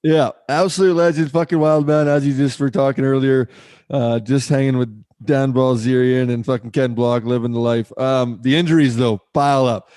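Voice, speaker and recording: An American man co-hosts a podcast, chatting in a relaxed way with plenty of swearing. His voice is mid-pitched and heard dry and close. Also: moderate pace, no echo. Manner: laid-back, profane, agreeing. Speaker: podcast co-host. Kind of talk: casual podcast chat.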